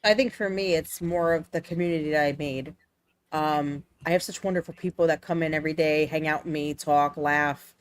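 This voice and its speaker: A woman's voice: low-pitched, fairly even intonation, a little fast, no echo. A woman who is a guest streamer, talking casually and plainly. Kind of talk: casual chat.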